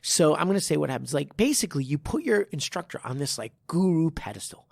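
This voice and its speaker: Male podcast host and martial arts instructor; gravelly, dry close sound, animated and blunt. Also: on the high side, fast, no room sound. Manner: animated storytelling, swears, acts out quotes. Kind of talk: casual chat.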